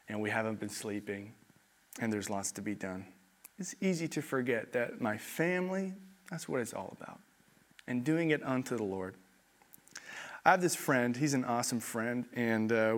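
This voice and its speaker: A young adult man preaching a sermon, telling stories and acting out quoted voices. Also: medium pitch. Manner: animated storytelling, acts out quoted voices. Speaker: pastor.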